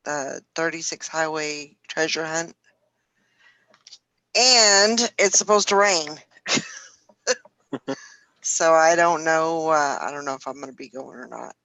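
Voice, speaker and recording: A woman's voice: low voice, takes it slowly, long pauses, bright, forceful tone, dry recording, low-quality recording. A woman hosting a casual morning chat show, chatty and laughing often. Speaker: show host.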